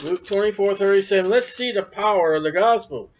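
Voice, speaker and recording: A man's voice: high voice, brisk. A man preaching a sermon, talking animatedly and acting out the voices of biblical figures. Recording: dull lo-fi recording.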